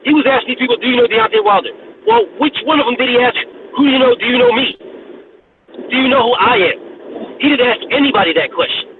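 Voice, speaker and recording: A man co-hosting a boxing talk show in casual heated chat, animated and profane, often repeating himself and restarting. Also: very high-pitched, fast talker. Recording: tinny phone-like line with noise.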